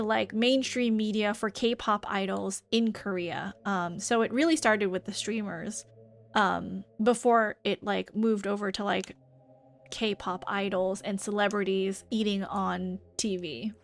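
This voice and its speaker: A woman's voice: medium pitch, fairly bright tone. A woman streamer with a light New Zealand tinge to her American speech, chatting casually and rambling with many fillers while reading and answering chat. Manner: rambling, lots of "like" and "um".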